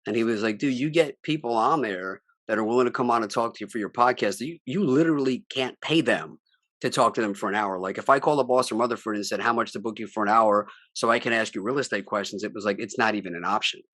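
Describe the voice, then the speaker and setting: A man's voice: fairly low pitch, fast talker, a bit bright, dry recording, studio quality. A man hosting a podcast, telling a story in casual, chatty talk with some swearing. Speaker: podcast host. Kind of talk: casual chat.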